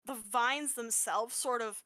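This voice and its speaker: A woman's voice: a little high, unhurried, pushed and bright, no room sound, studio quality. A woman running a tabletop game as game master, narrating unhurriedly with plenty of fillers.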